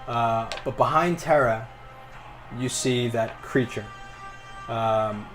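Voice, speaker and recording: A man narrating a tabletop game as game master, halting, with fillers and restarts. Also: mid-range voice, fairly bright tone, faint music behind.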